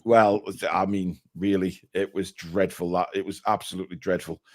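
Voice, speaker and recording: A man's voice: sits low, fairly even intonation, normal speed. Chatty man hosting a live stream. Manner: reads out viewer messages, chatty and blunt. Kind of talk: casual live stream chat.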